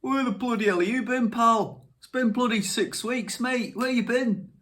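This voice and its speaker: Guy doing a loud teasing northern pal voice, way higher than normal. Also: normal speed. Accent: Northern English. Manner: boisterous, teasing. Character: cheery northern male mate, teasing.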